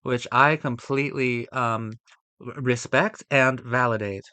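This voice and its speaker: A young man reacting to a movie ranking, swearing often and swinging between loud exasperated outbursts and low muttering. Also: steady tone, unhurried, no room sound. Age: young adult. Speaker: film reaction vlogger. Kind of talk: ranting reaction to a movie list.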